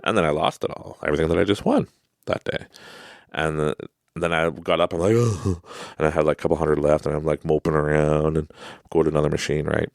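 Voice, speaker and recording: A man's voice: rumbling low, little pitch movement, quick pace, vocal fry, no room sound, clean studio sound. A man hosting a podcast, telling motivational stories in a rambling, casual way with many fillers and asides. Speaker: podcast host.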